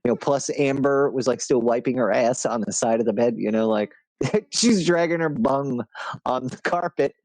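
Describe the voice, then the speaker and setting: A man's voice: mid-range voice, normal speed, darkish tone, no echo. A young man chatting casually on a podcast, rambling with lots of fillers and slipping into jokey put-on quotes. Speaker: podcast guest.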